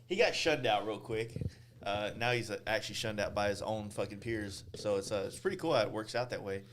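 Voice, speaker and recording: A man hosting a podcast, chatting casually in a loud, laughing, profane way. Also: lowish voice, a little fast, slight background noise. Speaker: podcast host. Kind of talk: casual chat.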